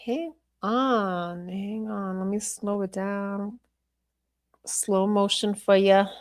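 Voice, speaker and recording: A woman's voice: mid-range voice, fairly even intonation, takes it slowly. A woman hosting a podcast livestream, thinking aloud as she replays video footage and talks to her viewers and chat in a blunt, profane way. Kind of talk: casual livestream commentary.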